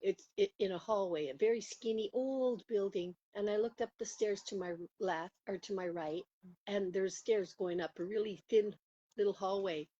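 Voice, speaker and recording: A woman over forty in casual conversation, telling a personal story in an animated way, laughing often and acting out what people said. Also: mid-range voice, breathy edge, no room sound. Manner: animated, laughing, acts out quotes with rising voice. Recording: muffled lo-fi audio.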